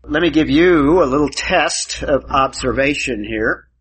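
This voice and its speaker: A man's voice: medium pitch, measured pace, fairly bright tone, breathy edge, poor audio. A man teaching a class, giving a lecture and quizzing students with questions.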